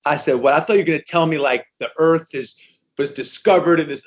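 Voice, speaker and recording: A man of fifty-one, a guest telling a race story in casual conversation, animated and repeating himself as he goes. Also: fairly high pitch, brisk, dull audio. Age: 50s. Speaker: guest, endurance racer.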